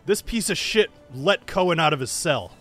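A man's voice: medium pitch, expressive, a little fast, slightly rough, faint music behind. A man doing a furious ship captain. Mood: threatening. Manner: shouting, menacing.

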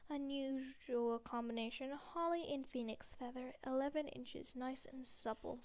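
An eerie elderly wandmaker hovers over his customer in this storybook reading, soft, measured and insistent, voiced by a woman. The voice sits high and stays smooth and clear. Now and then he trips over a word and corrects himself. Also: steady tone. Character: eerie elderly male wandmaker, intense and fussy.

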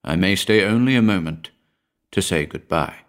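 A man doing a soft, ghostly young woman. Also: sits low, lively intonation, normal speed. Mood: hushed. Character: young woman, ghostly and cold, softly tender.

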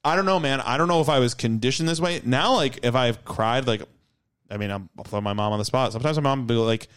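A man's voice: mid-range voice, fast talker, fairly bright tone, smooth. A man hosting a comedy podcast in casual chat, talking emphatically with frequent swearing and stammering restarts. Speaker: podcast host and stand-up comedian.

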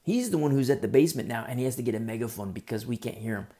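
A man's voice: mid-range voice, lively intonation, very fast, warm tone. A male preacher delivering a sermon with earnest storytelling, often restarting his phrases.

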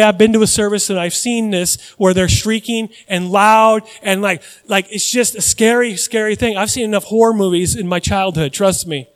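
A man's voice: high voice, big-room sound. A man preaching a sermon in church, conversational with dramatic rises and personal asides. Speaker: pastor.

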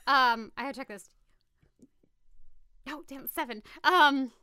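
Host: woman, bright, smooth clear tone, flustered and giggly. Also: sits high, measured pace, dry recording, studio quality. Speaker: podcast host. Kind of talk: casual chat, word game.

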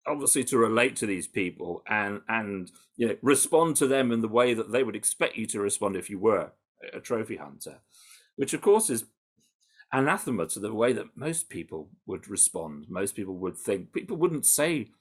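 A British man answering interview questions in an animated, conversational way, with frequent restarts and fillers. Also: mid-range voice. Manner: animated, full of restarts and "you know". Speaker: campaigner interviewed about undercover research.

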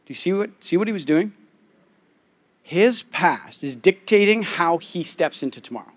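A man's voice: sits high, expressive, normal speed. A young adult man, a pastor, preaching a conversational sermon and telling candid personal stories.

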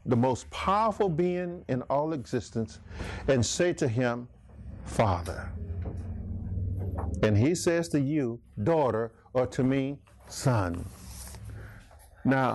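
A man's voice: medium pitch, a little mellow. A man preaching a sermon, emphatic, calling out listeners by name. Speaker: pastor.

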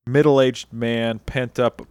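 A man co-hosting a podcast, chiming in with quick comments during casual chat. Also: medium pitch, steady tone, darkish tone, smooth, no echo. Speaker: podcast co-host.

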